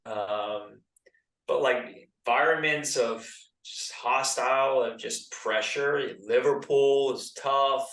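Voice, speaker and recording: An American man in his thirties, a former pro soccer player telling stories as a podcast guest in a relaxed, chatty way full of filler words. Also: medium pitch, far from the mic. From United States. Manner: laid-back, lots of "like" and "dude". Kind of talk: casual podcast storytelling. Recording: roomy, set back from the mic.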